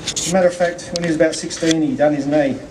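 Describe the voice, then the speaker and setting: Delivering a eulogy at a memorial, a man tells a humorous story with acted-out dialogue in a slightly high voice, fast and with fairly even intonation. Background noise and room ambience come through the distant mic.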